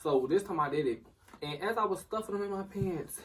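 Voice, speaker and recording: Rapid-talking young man, animated storyteller. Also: high-pitched, distant mic. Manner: animated, laughing through the story. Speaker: storyteller among friends. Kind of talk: casual storytelling.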